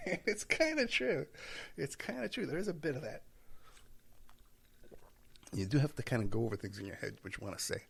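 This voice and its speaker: Gravelly man rambling through a solo podcast. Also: mid-range voice, sing-song, normal speed, pauses often, fairly bright tone. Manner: rambling, self-interrupting, with chuckles. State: tired. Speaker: podcast host. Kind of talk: casual solo podcast monologue. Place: at home while packing.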